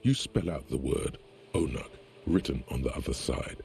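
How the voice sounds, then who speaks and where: A man giving scripted narration for a video game, in a measured tone. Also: a bass voice, darkish tone. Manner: gravelly, measured. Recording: game audio over the stream, faint music.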